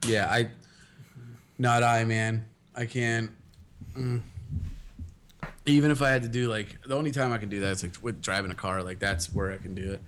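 A man's voice: on the low side, fairly even intonation, normal speed, pauses often, a bit bright, slight background noise. A man in casual conversation, laid-back and jokey, swearing offhandedly. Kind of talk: casual chat.

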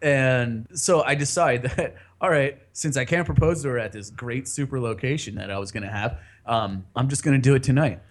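A man's voice: mid-range voice, normal speed, few pauses. A man casually telling a long personal story on a podcast, rambling, laughing often and swearing freely.

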